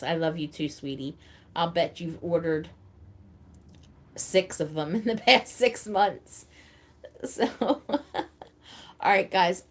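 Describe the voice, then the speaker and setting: A woman hosting a casual live stream, chatting with viewers by name and thinking out loud. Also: fairly low pitch. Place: seated at home in a wheelchair.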